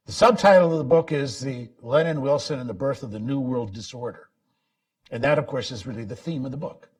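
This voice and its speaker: A man giving a public talk about his book, halting with many restarts and sudden bursts of emphasis. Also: medium pitch, darkish tone, recorded from a distance. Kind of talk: public lecture. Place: lecture event.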